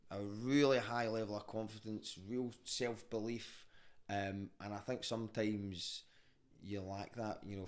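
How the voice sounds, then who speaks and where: A man in his thirties with a Glaswegian accent and a fairly low voice talks through his past as a podcast guest. He rambles a little, restarts his sentences and swears freely, keeping it casual and candid. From Scotland. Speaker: comedian guest. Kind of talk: casual podcast interview storytelling.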